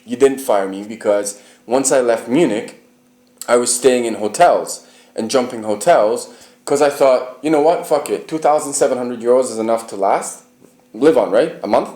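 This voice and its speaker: A man's voice: mid-range voice, moderate pace, mellow, reverberant. A man from the United Kingdom telling his personal story in an interview, emphatic and profane, often asking the listener whether he is right.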